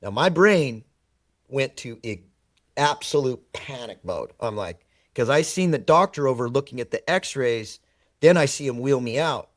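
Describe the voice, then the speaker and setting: Man, podcast guest, animated storytelling, emphatic repetition, mid pitch, dry close sound. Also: measured pace, no echo. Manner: animated storyteller who acts out quoted dialogue; emphatic, repeats words for effect. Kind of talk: personal storytelling in conversation.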